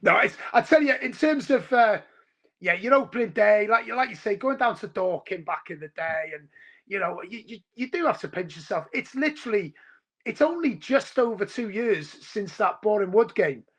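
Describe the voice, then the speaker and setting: A man from Wales in his forties, a football fan talking on a video call, excitable and rambling, calling everyone mate. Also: high-pitched, normal speed. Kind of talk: casual podcast chat.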